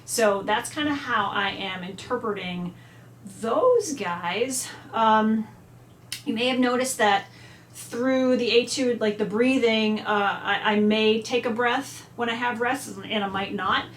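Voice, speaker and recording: A woman's voice: a little high, slow. Woman teaching music at home, chatty, sings lines on syllables, echoey room, bit of background hum. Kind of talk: instrument lesson walkthrough. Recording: echoey room, faint ambience.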